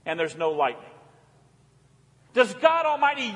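High-voiced preacher in an echoing church. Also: male voice, very animated, moderate pace, pauses often. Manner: impassioned, swinging from loud calls to hushed pleas. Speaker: pastor. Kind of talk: sermon.

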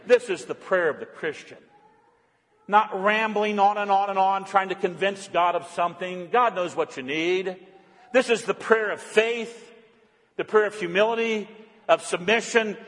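A man preaching a sermon as pastor, swinging from raised, fervent calls to hushed, soft-spoken prayer. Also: sits high, moderate pace. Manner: impassioned preaching, voicing God's call in a raised voice. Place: church sanctuary. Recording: long church reverb.

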